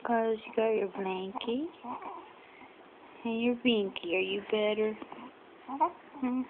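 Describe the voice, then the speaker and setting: A woman's voice: medium pitch, steady tone, slow pace. A woman soothing her baby in cooing baby talk, recorded at home on a phone. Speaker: mother talking to her baby. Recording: tinny phone recording with noise.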